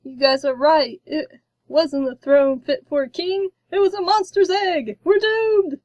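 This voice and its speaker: A woman voicing a frantic, pompous little furry king in a storybook reading, with shrill, panicky outbursts. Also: measured pace, a little mellow, no room sound, muffled recording. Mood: panicked.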